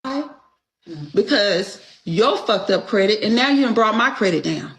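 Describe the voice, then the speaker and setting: A woman's voice: medium pitch, lively intonation, measured pace, a little hiss or hum, low-quality recording. A woman telling a long personal story in casual, profane talk, acting out quoted dialogue and stopping often to ask "Okay?". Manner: indignant, profane, punctuates with rhetorical "Okay?".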